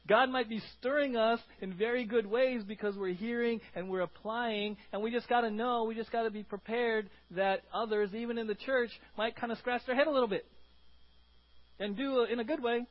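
A man with a high voice preaches a sermon with animated energy. He keeps it conversational and repeats words as he goes. The church recording is dull and lo-fi. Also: normal speed. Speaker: pastor.

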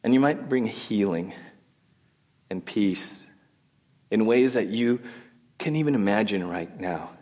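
A man's voice: fairly low pitch, animated, slow pace, long pauses, darkish tone. A middle-aged man preaching a sermon as pastor, in a conversational way, often checking in with "right?".

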